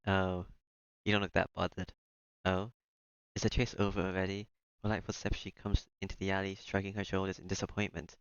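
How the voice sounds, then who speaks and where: A man's voice: low-pitched, completely flat delivery, a little fast, smooth, no room sound, muffled recording. A man reading a visual novel aloud in the first person, breaking off now and then for joking asides. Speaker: let's-play streamer.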